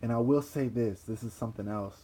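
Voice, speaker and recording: A young man casually telling a personal story, animated and profane, repeating himself and laughing. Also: medium pitch, brisk, slight background noise. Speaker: vlogger.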